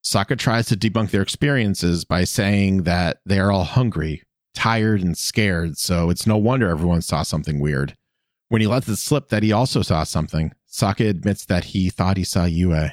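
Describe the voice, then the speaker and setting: A man's voice: low-pitched, moderate pace, no echo, studio quality. A man co-hosting a podcast, casually recapping episodes with playful asides. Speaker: podcast co-host.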